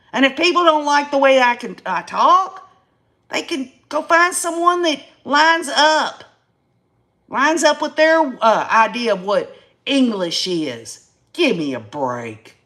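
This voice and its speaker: A woman's voice: high-pitched, pushed and bright. Feisty Tennessee woman ranting to chat. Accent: Tennessee Southern. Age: 50s. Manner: feisty, ranting, talks straight to viewers with folksy country phrasing. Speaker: YouTube live-stream host. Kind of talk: casual live-stream talk to chat.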